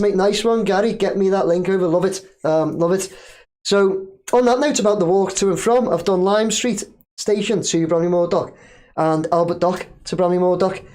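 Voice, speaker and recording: A man's voice: high-pitched, a little mellow. A man hosting a casual live stream, chatting loosely, reading viewer comments aloud and laughing easily. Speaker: livestream host.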